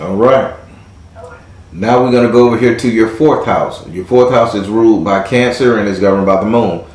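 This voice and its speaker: Low-voiced man giving a casual tarot reading. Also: normal speed, darkish tone, echoey room. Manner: playful, teasing, casual slang. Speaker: tarot reader and host. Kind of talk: live tarot reading with a caller.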